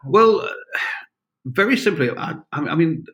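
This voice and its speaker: A man's voice: fairly high pitch, animated, a little slow, fairly bright tone. A man in his sixties, a former police officer telling wry, rambling stories with many fillers and restarts. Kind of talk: anecdotal storytelling.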